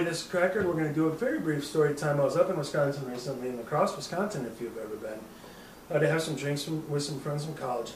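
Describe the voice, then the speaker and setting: A man's voice: fairly high pitch, fast, reverberant, distant mic, slight background noise, poor audio. A man in his thirties hosting a podcast, telling a rambling, profane drinking story and laughing at himself. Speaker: podcast host. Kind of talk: casual storytelling.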